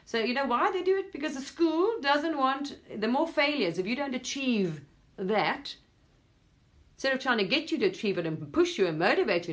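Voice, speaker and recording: A woman's voice: mid-range voice, lively intonation, normal speed. A woman, talking to her viewers in a rambling, emphatic monologue, swearing casually now and then. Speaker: spiritual vlogger.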